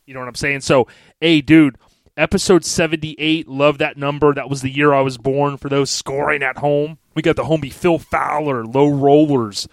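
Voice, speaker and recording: A man's voice: fairly high pitch, steady tone, moderate pace, dry recording. A man in his forties hosting a podcast, talking in a laid-back, slangy way and laughing often. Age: 40s. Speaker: podcast host. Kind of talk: casual podcast chat.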